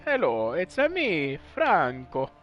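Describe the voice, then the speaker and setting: A jolly, cartoonish Italian man, put on by a man with a thick, exaggerated stereotyped Italian accent. The voice sits high and swings up and down in a playful way. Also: wildly swooping pitch, slow, muffled recording, faint music behind, exaggerated voice.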